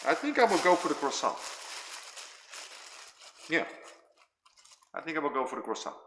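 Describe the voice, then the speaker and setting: A man's voice: on the high side, very animated, moderate pace, fairly bright tone, slight background noise. A man in his fifties hosting a casual livestream chat with viewers, rambling and repeating himself as he eats while he talks. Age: 50s. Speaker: livestream host chatting with viewers. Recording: echoey room with long reverb.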